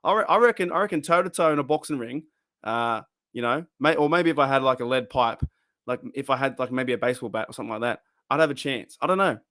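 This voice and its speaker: A man's voice: medium pitch, fast, fairly bright tone, no room sound, studio quality. A man with an Australian accent hosting a fan live stream, chatting casually, laughing often and trailing off into restarts. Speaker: fan channel host.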